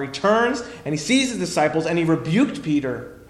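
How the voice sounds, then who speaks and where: A male pastor preaching a sermon emphatically, swinging between loud declarations and hushed lines. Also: on the high side, very animated, normal speed, roomy sound.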